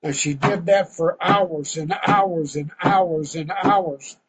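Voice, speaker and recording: A man preaching a fervent, folksy sermon to an online group over a video call, breaking into shouts of praise. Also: a little high, slow, slight background noise, poor audio.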